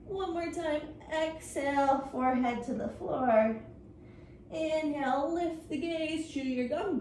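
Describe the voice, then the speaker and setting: A woman's voice: high voice, slow pace, darkish tone. A woman leading a children's yoga story time, encouraging and playful, making silly animal sounds along the way. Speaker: kids yoga instructor. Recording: roomy, from a distance, faint noise.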